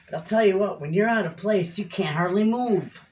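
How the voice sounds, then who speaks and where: A woman's voice: medium pitch, a little fast, darkish tone, lo-fi sound. A middle-aged woman chatting casually to viewers in her home kitchen, a rambling, folksy storyteller. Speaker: homestead cooking vlogger.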